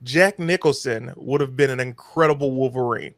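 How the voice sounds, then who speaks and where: Quick-talking man on a podcast, dry sound. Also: mid-range voice, no echo. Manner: quick, confident opinions in bursts. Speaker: podcast co-host. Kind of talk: casual chat.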